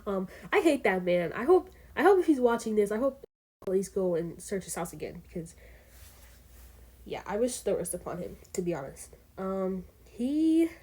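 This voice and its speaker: A teenage girl chats her way through a storytime vlog. She rambles, peppering her sentences with fillers and quick asides, and her voice sits at an ordinary pitch for her age. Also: darkish tone, husky. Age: teens. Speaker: vlogger.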